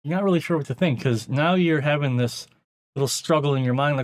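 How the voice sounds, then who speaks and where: A man's voice: a little high, fast talker. Casual man telling a story. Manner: conversational, acts out inner thoughts in a muttered aside voice; frequent fillers and restarts, casual swearing. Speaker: audio engineer and YouTube host.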